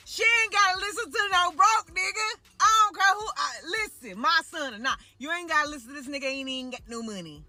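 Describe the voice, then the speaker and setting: Woman, scolding mother, very high piercing voice, bright sharp tone. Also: lively intonation, fairly quick, hardly any pauses. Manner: loud, scolding, laughing. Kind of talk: ranting video clip.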